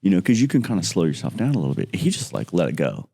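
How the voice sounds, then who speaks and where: A middle-aged man tells a loose, rambling story as a podcast guest, peppering it with "like" and lively acted-out quotes. His voice sits low and dark with a mellow tone. The sound is dry, with no room around it. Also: fast talker, gravelly, breathy edge, no room sound. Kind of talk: casual anecdote storytelling.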